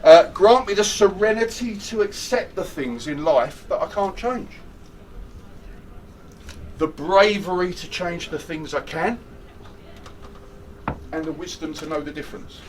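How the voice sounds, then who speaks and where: A man's voice: high voice, measured pace, pauses often, recorded from a distance, background noise. A man leading a stress management workshop, joking and chatty and putting questions to his audience. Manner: animated, jokey, chatty, asks the audience questions. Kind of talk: lively interactive workshop talk.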